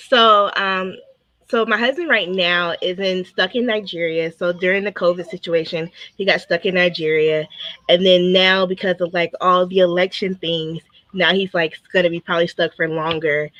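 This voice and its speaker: A woman's voice: lowish voice, a bit bright, dry recording, lo-fi sound. Giggly woman guest, dry close sound. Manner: giggly, peppers speech with "like". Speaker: guest, small business owner. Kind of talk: casual video interview. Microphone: video call.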